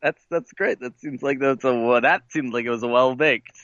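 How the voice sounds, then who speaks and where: Relaxed male podcast co-host, mid-pitched, recorded dry and lo-fi. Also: normal speed, no room sound. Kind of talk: casual podcast chat.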